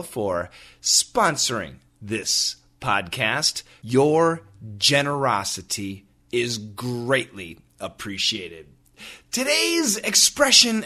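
A man's voice: medium pitch, pushed and bright. A middle-aged man hosting a casual English-teaching podcast, joking around playfully and putting on silly voices to explain words. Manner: playful, jokey, slips into silly put-on voices.

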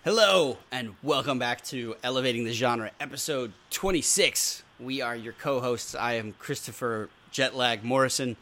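A man's voice: mid-range voice, steady tone, normal speed, hardly any pauses, over music. A man co-hosting a podcast, jet-lagged and rambling with jokes and lots of fillers. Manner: joking, rambling, many fillers. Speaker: podcast co-host. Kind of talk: casual podcast chat.

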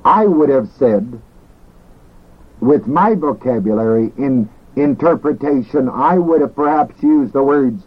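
A man teaching a class on ministry in a slow, deliberate way, repeating his key words. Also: medium pitch, lively intonation, highs cut off. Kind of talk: recorded teaching lecture.

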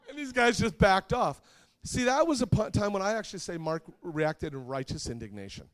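A man's voice: high-pitched, big pitch swings, a little fast, few pauses. A man preaching a sermon to a live congregation, conversational and joking, asking the audience questions. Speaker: pastor.

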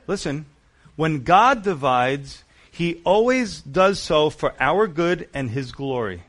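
An animated male pastor preaching verse by verse, his voice sitting a little higher than most men's. He talks with emphatic asides and quick repetitions, sometimes dropping low and soft, then lifting again. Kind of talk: sermon.

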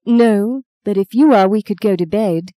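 A woman's voice: medium pitch, moderate pace, mellow, dry recording, studio quality, pitched above the performer's own voice, natural voice. A woman voicing a witty, flippant young actress who banters playfully in an audiobook.

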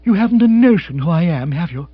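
A man voicing a brisk, practical young woman, lifting his voice high and lively. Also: husky, no echo. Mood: amused, frank. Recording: dry, slightly dull audiobook.

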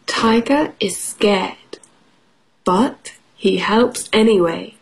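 A woman's voice: medium pitch, expressive, takes it slowly, husky, rough recording. A woman teacher reading a picture book aloud to children, encouraging them and asking questions. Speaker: English teacher.

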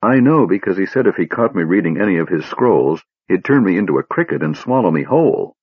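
A man's voice: low-pitched, very animated, brisk, breathy edge, dry recording, narrow, tinny audio, heavily acted. A man reading aloud who voices a small, nervous male kender, talking eagerly and stammering.

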